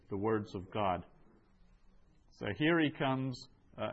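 A man teaching a Greek class, going over answers in a slow, measured way with many ums and uhs. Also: lowish voice, expressive, dull audio.

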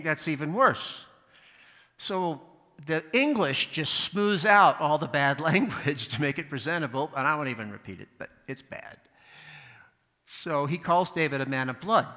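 Bright-voiced preacher in an echoing hall. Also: male voice, a little high. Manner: storytelling with asides, acts out voices in stories. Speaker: pastor. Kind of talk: sermon. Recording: long hall reverb.

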